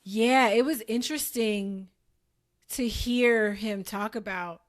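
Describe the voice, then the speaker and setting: A woman's voice: fairly high pitch, takes it slowly. Chatty American woman podcast co-host. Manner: chatty, laughs often, fillers and restarts. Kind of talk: casual book discussion.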